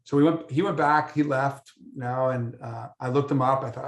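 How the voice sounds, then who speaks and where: Animated American man telling a story. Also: medium pitch, normal speed. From United States. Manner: animated storyteller, acts out dialogue. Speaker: guest photographer. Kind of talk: casual storytelling interview. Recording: roomy echo.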